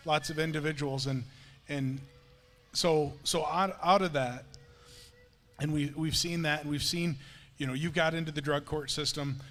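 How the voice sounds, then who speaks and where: A man leads a conversational sermon and tells his stories in an animated way, stumbling and restarting as he goes. His voice sits a little higher than most men's. The hall around him carries a long, ringing reverb. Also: normal speed. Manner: animated storytelling, many restarts. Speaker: pastor. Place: church sanctuary.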